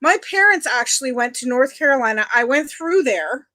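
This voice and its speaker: Chatty, bright-voiced woman from Ontario. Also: sits high, expressive, normal speed. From Canada (Ontario). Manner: chatty, greets viewers by nickname. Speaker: livestream host. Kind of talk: casual chat with live viewers.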